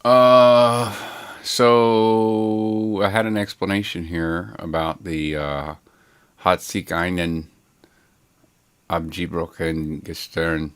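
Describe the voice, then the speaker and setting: A man's voice: sits low, little pitch movement, slow pace, clean tone. A man casually chatting with viewers on a livestream from his home studio, rambling and laid-back, swearing now and then as he reads the chat aloud. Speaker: livestream host.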